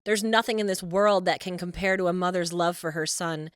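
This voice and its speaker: A woman's voice: lowish voice, a little fast, smooth, no room sound, clean studio sound, natural voice. A woman voicing an overbearing, scheming middle-aged mother who talks in a cloying, possessive, sing-song way. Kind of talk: animated story voice-over.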